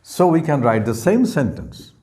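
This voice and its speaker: A man teaching grammar in a measured, careful way. His pitch rises and falls in a lively way as he stresses words and repeats each example sentence slowly. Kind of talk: slow explanatory lesson.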